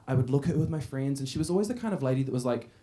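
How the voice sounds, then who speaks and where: A man's voice: medium pitch, expressive, very fast, mellow. A man doing a stand-up set in a club, brash and crowd-teasing, swearing freely and laughing. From Australia. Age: 30s. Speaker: stand-up comedian. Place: comedy club stage.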